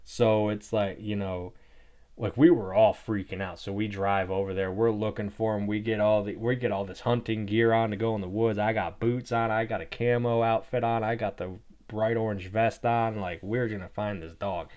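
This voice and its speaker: A young man hosts his own podcast and tells a story in a relaxed, meandering way. His voice sits a little low, and he fills every pause with "like" and "you know". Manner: rambling, heavy use of "like". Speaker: podcast host. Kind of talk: casual storytelling.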